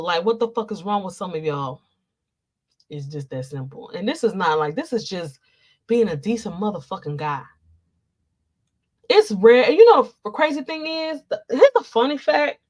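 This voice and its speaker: Woman ranting loud and profane. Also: medium pitch. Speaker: commentary vlogger. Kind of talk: ranting commentary.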